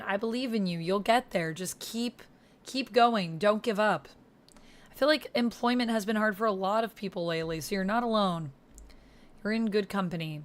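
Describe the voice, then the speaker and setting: Woman streamer, casual gaming chat, reads out comments, encouraging replies. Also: mid-range voice. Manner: reads viewer comments aloud and answers them; encouraging, supportive.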